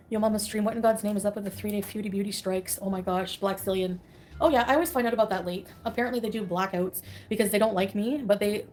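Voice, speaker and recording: Fast, scornful woman ranting on a livestream. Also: medium pitch, a little hiss or hum. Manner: scornful, blunt and sarcastic, laughing often. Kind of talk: casual livestream rant.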